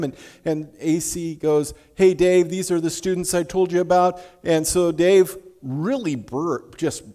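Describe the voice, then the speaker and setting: Man, pastor, conversational sermon, soft asides, long reverb. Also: on the high side. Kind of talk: sermon storytelling.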